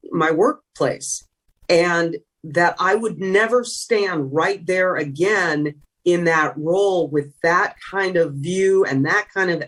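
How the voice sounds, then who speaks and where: A woman's voice: lowish voice, a bit bright. A middle-aged woman from California, a former sideline reporter being interviewed, telling stories earnestly with frequent restarts. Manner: earnest storytelling, trailing restarts. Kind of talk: emotional reflective interview talk.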